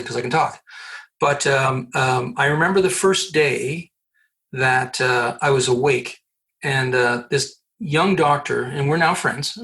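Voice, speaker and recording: A man in his sixties, a podcast guest from Canada, telling a personal story in a lively, joking way and acting out the people he quotes. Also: on the high side. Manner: lively, jokey storyteller who acts out quoted dialogue. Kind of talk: animated storytelling.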